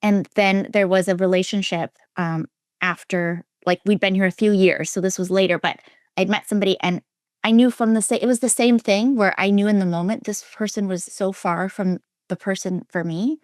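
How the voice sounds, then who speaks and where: A woman from Minnesota speaking as an interview guest, her voice dry and close with no room sound. She tells her story earnestly, circling back and restarting, and now and then sinks into a soft, almost whispered tone. Her pitch sits in an ordinary middle range. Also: steady tone, moderate pace, no echo. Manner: earnest and emphatic, with frequent restarts and quoted inner voices; drops to a soft, near-whispered tone at heavy moments. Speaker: interview guest, relationship coach. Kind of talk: candid personal storytelling.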